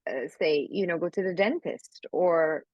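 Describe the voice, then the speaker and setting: A woman's voice: fairly low pitch, a little slow, darkish tone, no room sound, lo-fi sound. A woman from Malaysia, a guest actress, speaking emphatically and encouragingly in a remote interview. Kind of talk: casual interview talk. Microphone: remote recording.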